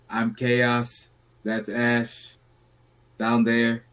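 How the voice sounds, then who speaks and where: A man's voice: mid-range voice, normal speed. Laid-back male podcast host telling stories. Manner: relaxed, rambling, acts out quotes. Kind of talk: casual storytelling chat.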